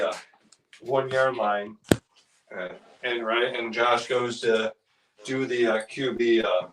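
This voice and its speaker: A man's voice: medium pitch, rough recording. Rambling man telling a story. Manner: rambling, full of restarts and fillers; acts out the people in his story. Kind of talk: casual storytelling chat.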